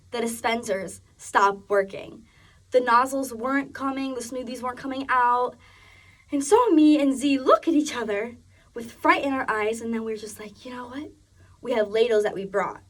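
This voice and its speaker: A woman's voice: on the high side, distant mic. A young woman giving a personal narrative speech, chatty and full of restarts. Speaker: student speaker.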